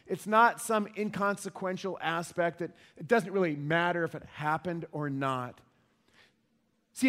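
Pastor, male, higher-pitched, emphatic sermon delivery, questions the listeners. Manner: emphatic, repeats key points, asks the audience questions.

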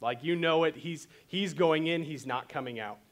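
A man preaching a sermon and telling the story in an animated way. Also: a little high, moderate pace. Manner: animated storytelling, voices quotes dramatically. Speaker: pastor.

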